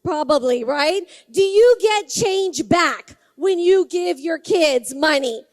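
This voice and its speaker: Woman, campaign speech, very high voice, dry close sound. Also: lively intonation, slow, no echo. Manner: conversational storytelling, addresses the crowd directly. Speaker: congressional candidate.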